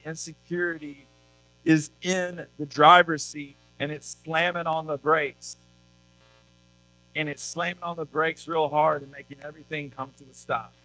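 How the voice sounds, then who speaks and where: A man with a slightly high voice delivers a youth sermon at a church service. He keeps it casual and conversational, checking in with the room through rhetorical questions. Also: sharp tone, low-quality recording. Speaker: youth pastor.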